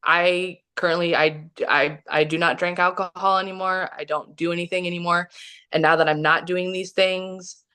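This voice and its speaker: A woman's voice: on the low side, steady tone, normal speed, sharp tone, smooth. A woman from the US Midwest, a podcast guest telling a story in a casual, rambling way, full of "like" and restarts. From Kansas City, Missouri, US. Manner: rambling, heavy use of "like" and restarts.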